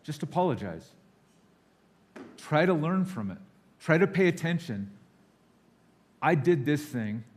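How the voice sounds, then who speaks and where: A man's voice: fairly high pitch, sing-song, measured pace, long pauses. A man giving a guest sermon in a church, candid and a little nervous, acting out quoted voices as he goes. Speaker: guest speaker. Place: church sanctuary.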